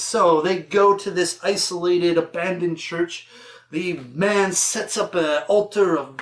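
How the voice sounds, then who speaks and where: A man's voice: sits high, a bit bright, reverberant. A young man casually reviewing a horror movie, irreverent, sarcastic and profane, laughing often.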